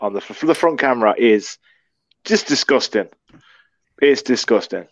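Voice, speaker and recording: A man's voice: mid-range voice, expressive, normal speed, dry recording. A man co-hosting a podcast over a phone video call, laid-back and self-mocking, swearing now and then. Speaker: podcast co-host. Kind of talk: casual chat. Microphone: phone camera on a video call. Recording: dull, dry video call audio.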